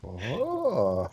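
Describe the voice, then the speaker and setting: A man's voice: fairly high pitch, dull audio, slight background noise. A man playing in a tabletop game, joking and chuckling with the group. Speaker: player.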